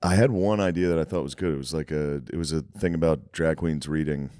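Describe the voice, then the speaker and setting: A man co-hosting a comedy podcast, talking crude and rambling with a slow drawl. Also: extremely low pitch, fairly even intonation, dark tone, dry recording, clean studio sound. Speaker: podcast co-host. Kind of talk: casual podcast banter.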